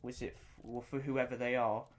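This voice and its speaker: A man's voice: mid-range voice, flat delivery, moderate pace. A man hosting his own podcast and reviewing an album in casual unscripted talk. He rambles enthusiastically, often repeating himself and stopping to search for words.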